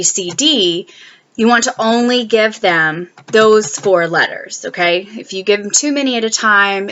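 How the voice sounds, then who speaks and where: A woman's voice: medium pitch, bright, forceful tone, dull audio. A woman explaining early literacy activities for the classroom, with frequent "um"s and "okay?" check-ins. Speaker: teacher education student presenting.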